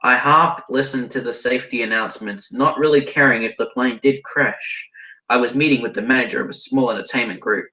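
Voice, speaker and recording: A young man with an Australian accent reads a fan story aloud, tripping over words and breaking off to groan at what he's reading. His voice is bright and sharp, and the room around him is echoey. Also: mid-range voice, a little fast. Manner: stumbling over words, breaking into laughter and horrified asides. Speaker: podcast co-host reading fan fiction.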